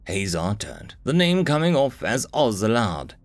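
A man narrating a fantasy novel as an audiobook, in an expressive storytelling reading. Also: fairly low pitch, unhurried.

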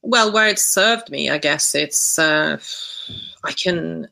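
A woman's voice: sits low, slow pace, creaky, pushed and bright, rough recording. A woman guest on a podcast, talking reflectively and hesitantly, thinking aloud with many restarts. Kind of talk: reflective conversational interview.

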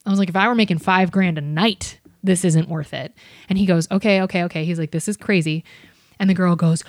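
A young woman on a podcast, telling a story in a casual, animated way, swearing and acting out the voices of other people. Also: on the low side, brisk, dry recording, studio quality. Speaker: comedian and podcast guest.

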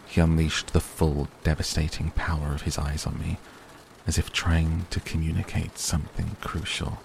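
Deep gravelly male storyteller. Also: moderate pace, slight background noise. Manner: steady, first-person narration. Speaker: audiobook reader. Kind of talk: novel reading.

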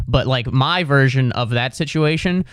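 A man's voice: mid-range voice, normal speed, fairly bright tone, smooth, no room sound, clean studio sound. A male comedian and podcast host from the Midwest, talking in an easygoing, self-deprecating way. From American Midwest. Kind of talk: casual chat.

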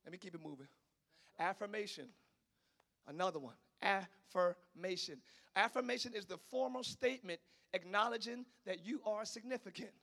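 High, gravelly, bright-voiced male preacher. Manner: animated preaching with sudden shouts and playful acted-out voices. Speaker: pastor. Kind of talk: sermon.

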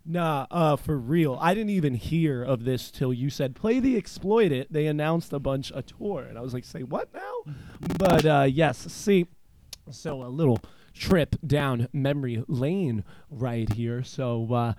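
A man's voice: mid-range voice, a little slow, darkish tone, slight background noise. A man from eastern Pennsylvania hosting a casual chat show, telling stories in a rambling, profane way with lots of filler words. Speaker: podcast host.

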